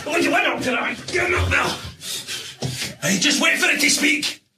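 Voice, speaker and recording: A man's voice: extremely high pitch, expressive, moderate pace, noisy background. An actor playing an exasperated Scottish man who argues with a voice-controlled lift and keeps repeating himself with exaggerated emphasis. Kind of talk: sketch comedy acting. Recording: studio audience laughter, roomy.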